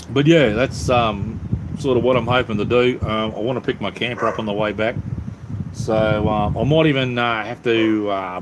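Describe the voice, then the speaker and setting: On a live stream with background noise, a man with a lowish voice and an Australian accent chats easily with viewers. He keeps saying "it's all good, mate" and speaks with lots of ums and restarts.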